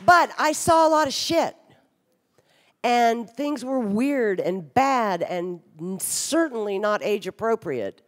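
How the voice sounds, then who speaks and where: A woman's voice: on the high side, expressive, takes it slowly. Frank, wry woman speaking in a reverberant ballroom. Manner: frank, wry and humorous, with blunt swearing. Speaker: speaker at a recovery conference. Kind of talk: candid personal talk on stage. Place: large hotel ballroom stage.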